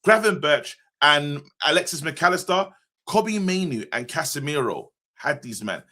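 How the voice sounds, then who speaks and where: Bright-voiced, excitable male co-host. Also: fairly high pitch. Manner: excitable, slangy, quick restarts. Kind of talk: casual football podcast chat.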